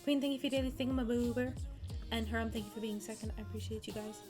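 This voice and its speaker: A young woman chatting casually on a live stream, bubbly and warm with her viewers, greeting them one by one. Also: on the high side, steady tone, fast, faint music behind.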